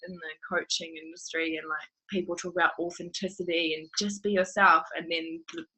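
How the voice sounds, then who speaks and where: A woman co-hosting a coaching course livestream, lively and casual, swearing now and then. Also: on the low side, fairly quick, low-quality recording.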